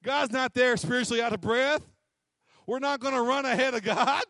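A man's voice: very high voice, normal speed, a bit bright, dry recording, clean studio sound. A man preaching a sermon, emphatic and repetitive, acting out little quotes. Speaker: pastor.

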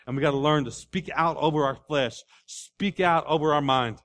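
A man preaching a sermon in a folksy way, building to loud repeated declarations. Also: on the high side, normal speed. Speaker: pastor.

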